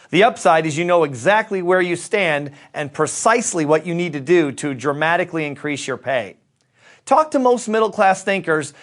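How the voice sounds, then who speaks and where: A man speaking directly to the audience, measured and emphatic, as a motivational speaker. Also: sits high, fairly bright tone. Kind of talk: speaking directly to the audience about earning more.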